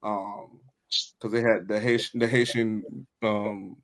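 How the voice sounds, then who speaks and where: Animated American man, podcast co-host. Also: on the low side, slow, no echo, rough recording. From United States. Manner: animated, repeats himself, laughs while talking. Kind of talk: casual podcast banter.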